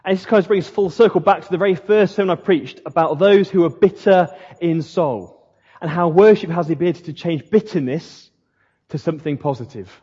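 A man's voice: fairly high pitch, brisk, darkish tone, breathy edge. A man preaching a sermon in a conversational way, with slips and restarts. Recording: dull lo-fi sound in a reverberant hall.

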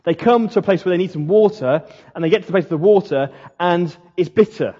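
A man's voice: high-pitched, a little fast, dark tone, husky. A man preaching a sermon in a conversational way, with slips and restarts. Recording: dull lo-fi sound in a reverberant hall.

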